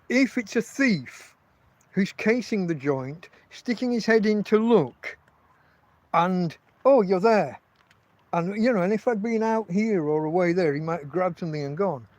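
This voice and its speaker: A man's voice: high-pitched, dry recording, low-quality recording. An English man hosting a casual livestream from his tent, telling rambling, profane stories full of restarts. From England. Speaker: podcast host.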